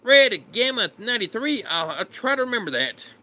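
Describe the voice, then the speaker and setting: A man's voice: extremely high pitch, very animated, moderate pace, pushed and bright. A man casually chatting with his live stream viewers, laid-back and greeting them by name. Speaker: streamer reading chat.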